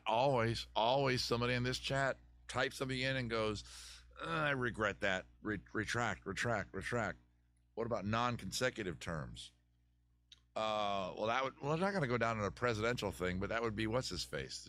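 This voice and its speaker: A man's voice: mid-range voice, normal speed, a bit bright. A man hosting a live advice stream, rambling through chat questions with jokey, digressive mock advice. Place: home room with a fire.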